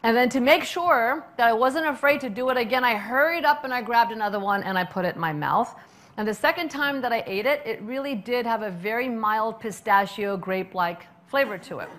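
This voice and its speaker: A middle-aged woman who runs a restaurant, giving an animated public talk full of stories, fillers and restarts. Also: on the high side, normal speed. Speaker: restaurant owner and speaker.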